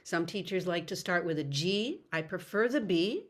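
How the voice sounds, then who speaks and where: A woman's voice: fairly low pitch, animated, normal speed. A middle-aged woman voice coach giving an upbeat, explanatory online workshop lecture over a video call. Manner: upbeat, explanatory, breaks into sung demonstrations.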